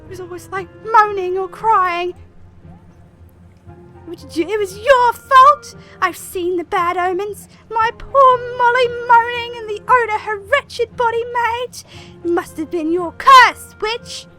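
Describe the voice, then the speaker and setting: A woman voicing a hysterical peasant woman who wails and accuses in a tearful, shrill voice. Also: measured pace, bright, forceful tone, faint music behind, exaggerated voice. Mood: wailing.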